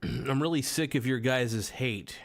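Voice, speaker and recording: A man's voice: medium pitch, measured pace, creaky. A man hosting a casual podcast livestream, reading chat comments aloud and answering them with crude, irreverent jokes on a close mic.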